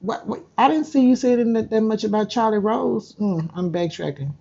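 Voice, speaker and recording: Husky-voiced woman in an indignant vlog rant. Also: a little high, normal speed, mellow. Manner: indignant, talks straight at her target. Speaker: YouTuber. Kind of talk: ranting vlog commentary. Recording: dull lo-fi sound.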